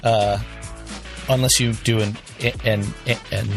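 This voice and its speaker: A man's voice: lowish voice, fairly even intonation, slow pace, vocal fry, music in the background. A man running a tabletop game as game master, explaining rules with hesitant restarts.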